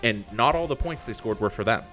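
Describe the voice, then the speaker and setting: A man's voice: lowish voice, expressive, a little fast, fairly bright tone, soft background music. A man co-hosting a podcast, playful and laughing, cursing through a casual football recap. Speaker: podcast co-host. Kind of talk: casual sports recap banter.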